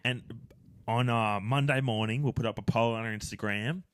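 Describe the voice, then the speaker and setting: A young man co-hosting a casual podcast, hyping plans with deadpan mock-serious banter. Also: mid-range voice, moderate pace, smooth, dry recording, studio quality. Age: young adult. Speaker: podcast co-host.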